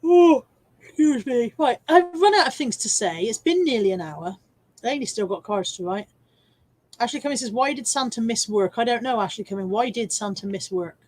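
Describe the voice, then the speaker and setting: English woman hosting a live stream, chatty and self-mocking, bit higher pitch, casual home setup. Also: expressive, a little fast, a little mellow. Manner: chatty, self-mocking, reads viewer comments aloud.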